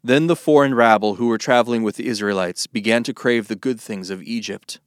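A man reading scripture aloud in a steady, measured way. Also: on the low side, no echo, clean studio sound. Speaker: Bible reader.

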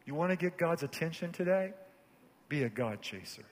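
High-voiced preaching pastor in a reverberant hall. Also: male voice, lively intonation, normal speed, slight background noise. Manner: preaching with big swings from hushed low phrases to shouted climaxes. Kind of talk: sermon. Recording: long church hall reverb.

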